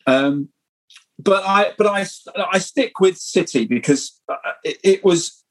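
Middle-aged man, husky voice, slightly high-pitched, rambling anecdotal podcast guest. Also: unhurried, rough recording. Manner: animated, rambling anecdotal storytelling. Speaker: guest screenwriter. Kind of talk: casual podcast interview.

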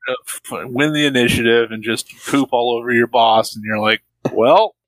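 A man's voice: medium pitch, steady tone, normal speed, fairly bright tone, dry recording, poor audio. A man co-hosting a casual film review podcast, tossing out sarcastic, profane wisecracks. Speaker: podcast co-host.

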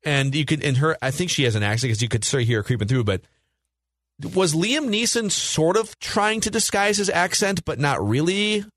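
A man with a slightly high voice and lively intonation hosts a casual movie podcast at normal speed, his tone fairly bright in a clean, echo-free studio. He steers the conversation, reads from notes and quizzes his co-hosts.

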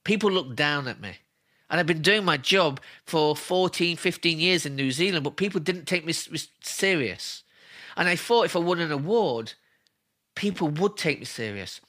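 A man, a spiritual healer appearing as an interview guest, tells emotional personal stories in a slightly high, pushed, bright voice with lively intonation at a moderate pace. He is earnest and emphatic, often repeating himself for stress.

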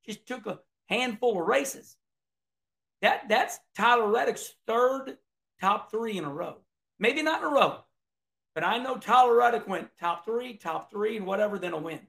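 A man's voice: sits high, animated, moderate pace, creaky, a bit bright. A middle-aged man, chatting casually about a race in a folksy, rambling way, often restarting his words. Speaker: racing commentator. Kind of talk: casual video commentary.

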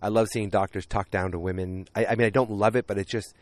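A man casually recapping a TV episode with a deep voice and rambling, jokey asides. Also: steady tone, quick pace, no echo.

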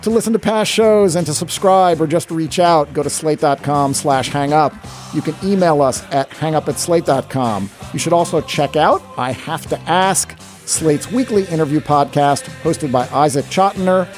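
A man hosting a podcast, giving brisk, joking announcements to close the show. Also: a little high, darkish tone, faint music behind. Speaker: podcast host.

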